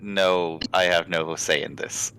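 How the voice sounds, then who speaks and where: Irish co-host, dry and measured, casual game stream chat, slow delivery. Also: male voice, low-pitched, steady tone, heavy background noise.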